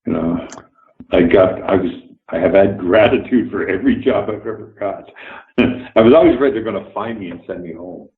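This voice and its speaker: A man's voice: low-pitched, moderate pace. An older man from Canada, telling blunt, swear-laced anecdotes as an interview guest. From Canada, Toronto. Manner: blunt, swears freely, acts out quoted dialogue, chuckles through stories. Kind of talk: storytelling anecdotes in a remote interview. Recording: echoey room over a tinny phone-like line.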